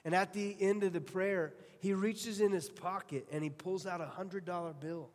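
A man's voice: high voice, steady tone, normal speed. A male pastor preaching a sermon, earnest and storytelling, often restarting his phrases. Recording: long hall reverb.

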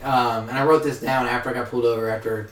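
A man's voice: mid-range voice, quick pace, distant mic. A young man casually telling stories to friends, swearing freely and acting out what people said. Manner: profane, animated, acts out quotes. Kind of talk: casual storytelling among friends. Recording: roomy sound, a bit off mic.

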